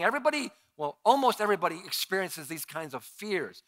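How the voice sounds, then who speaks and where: Guy pastor preaching, kinda high voice, bright and punchy, tells stories and jumps between hushed and loud. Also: fast talker, few pauses. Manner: storytelling, animated, acts out his own past voice. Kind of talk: sermon. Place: church sanctuary.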